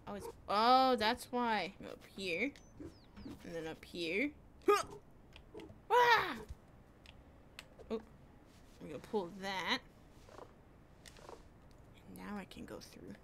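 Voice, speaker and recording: A woman's voice: mid-range voice, takes it slowly, vocal fry, long pauses, fairly bright tone, a little hiss or hum. A young woman casually commenting on a game as she plays, playful and chatty with sing-song bits. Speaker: gaming streamer.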